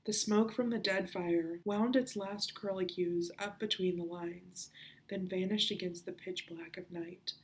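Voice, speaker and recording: Gravelly low-voiced woman reading a story. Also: low-quality recording. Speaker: children's librarian reading aloud. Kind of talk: storybook read-aloud.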